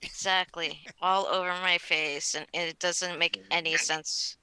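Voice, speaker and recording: A woman's voice: lowish voice, steady tone, unhurried, sharp tone, smooth, dry recording, rough recording. A woman playing in a tabletop game, chatty and hesitant, filling gaps with ums and uhs. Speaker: player. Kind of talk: casual tabletop game chat.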